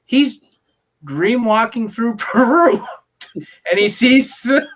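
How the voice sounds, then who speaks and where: A man co-hosting a casual film discussion, ranting in an exasperated, animated way. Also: extremely high pitch, takes it slowly. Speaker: podcast co-host.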